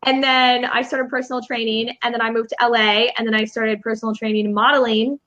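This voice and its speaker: A woman from Chicago tells her story as an interview guest, sounding upbeat and easy. Her voice sits a little high. The audio is dull and lo-fi. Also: level tone, brisk, a bit bright. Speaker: guest, confidence mentor. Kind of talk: casual interview chat.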